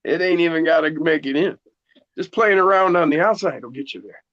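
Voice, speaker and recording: A man's voice: a little high, brisk, lo-fi sound. A man chatting casually and joking around on a remote line. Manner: joking, lively. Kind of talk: casual chat.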